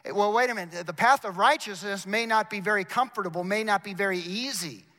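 A man's voice: high voice, quick pace, pushed and bright. Male chapel preacher, ringing voice, emphatic and direct with the congregation, echoing hall. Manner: emphatic, repeats words, addresses the congregation directly. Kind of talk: sermon. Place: university chapel. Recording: long reverb of a large chapel.

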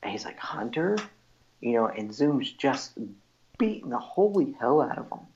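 A man's voice: medium pitch, very animated, moderate pace, darkish tone. A man co-hosting a casual podcast chat, walking through comic book panels and quoting the characters. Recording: dull lo-fi audio.

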